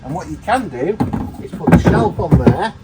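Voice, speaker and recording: A man's voice: a little high, sing-song, moderate pace, loud music behind the voice, rough recording. A man reviewing a car in a casual, joking way, rambling and laughing as he demonstrates features. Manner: jokey, rambling, laughs often.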